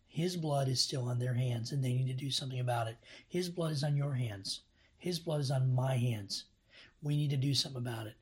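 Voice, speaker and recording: Guy talking through scripture on his laptop cam, earnest, lots of um and restarts, middle pitch. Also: breathy edge. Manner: earnest, rambling with many restarts and fillers. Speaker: bible teacher. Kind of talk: casual bible study commentary. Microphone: laptop camera.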